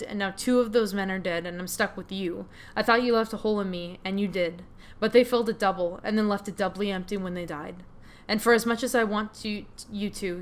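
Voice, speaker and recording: A woman voicing a hurt, angry young woman confronting her family, read in a steady, bitter tone while playing a game. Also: medium pitch, lightly acted. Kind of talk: reading game dialogue aloud.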